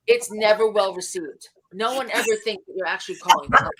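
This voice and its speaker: A woman, a founder and CEO, giving business advice in a casual panel chat, with an animated, comic delivery full of acted-out quotes. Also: mid-range voice, a little fast, hardly any pauses, slightly rough.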